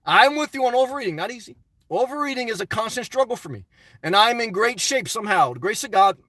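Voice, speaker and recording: A man's voice: very high-pitched, lively intonation, fast, pushed and bright, dry recording, distant mic. A middle-aged man hosting a casual live stream, answering chat in a blunt, opinionated, rambling way.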